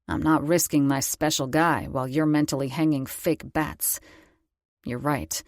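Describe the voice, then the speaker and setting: A man's voice: on the high side, unhurried, no echo. A woman voicing a commanding, protective middle-aged husband who speaks firmly with dry humor. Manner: firm, steady, dry humor.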